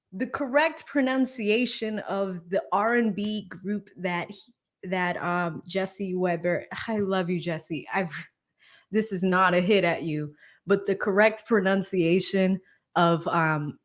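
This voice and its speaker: A woman hosting a casual livestream, laughing often and reading viewer comments aloud. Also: medium pitch. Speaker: livestream host. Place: Atlanta.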